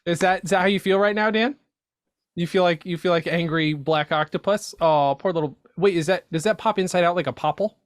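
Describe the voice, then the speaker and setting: A man's voice: high voice, fairly quick, no echo. A man from upstate New York co-hosting a comedy podcast, trading dry, self-mocking jokes in casual banter. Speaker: podcast co-host. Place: home, livestream.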